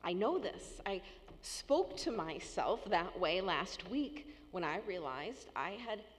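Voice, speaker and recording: A woman pastor delivers a sermon at a slow, deliberate pace. Her voice carries a long church reverb. The sanctuary rings behind her words. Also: on the low side, big pitch swings, slight background noise. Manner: slow, deliberate preaching with acted-out tones.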